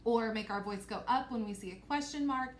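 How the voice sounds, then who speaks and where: A woman teacher with a fairly high voice talks to young children in an encouraging, sing-song way. Her recorded reading lesson rings around an echoey room, with a faint hiss underneath. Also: brisk.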